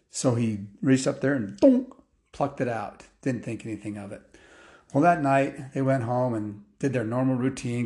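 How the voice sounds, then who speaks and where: A man's voice: mid-range voice, warm tone. A man telling an improvised bedtime story, rambling with asides and fillers.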